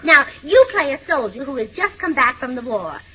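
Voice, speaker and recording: A woman's voice: sits high, very animated, moderate pace. A woman in a 1940s radio comedy, chirpy, scatterbrained and giggly. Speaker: comedy show co-star. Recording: dull old radio broadcast.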